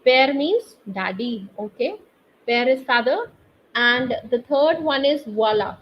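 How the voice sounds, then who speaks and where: Slow, patient woman teaching online. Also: high-pitched, lively intonation. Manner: slow, patient, quizzes students via chat. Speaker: French teacher. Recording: slightly dull online class audio with faint noise.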